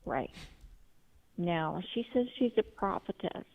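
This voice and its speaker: A woman's voice: fairly low pitch, animated, slow, vocal fry. A woman caller telling a story on a phone line, rambling, with frequent restarts. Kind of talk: call-in testimony. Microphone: telephone. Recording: tinny phone line, dry.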